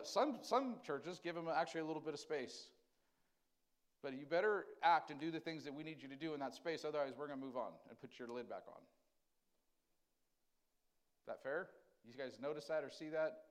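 A man preaching a conversational sermon, asking the congregation questions and swinging between loud emphasis and quiet, tender lines. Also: on the high side, a little fast. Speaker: pastor.

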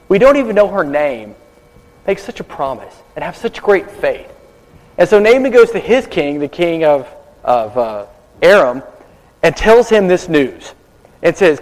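A man's voice: fairly high pitch, darkish tone. A male pastor giving a sermon at a baptism service, telling stories dramatically and dropping to whispers for asides. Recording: long hall reverb.

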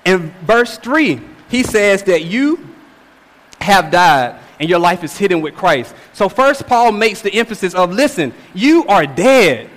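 A man's voice: high-pitched, lively intonation, a little slow, a bit bright. A man in his twenties preaching a sermon, emphatic and repetitive, often checking in with "all right?". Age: 20s. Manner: emphatic, repeats phrases with rhetorical "all right?". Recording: long hall reverb.

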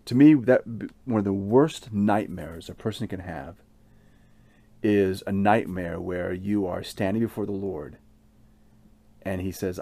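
Earnest low-voiced male preacher. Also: gravelly, dark tone, no echo. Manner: earnest, measured, with frequent restarts. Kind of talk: sermon.

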